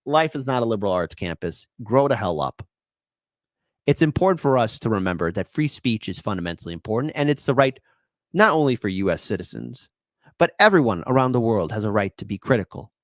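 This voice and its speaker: A man hosting opinion commentary, animated and indignant, rambling with restarts. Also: medium pitch, no room sound. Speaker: commentary host.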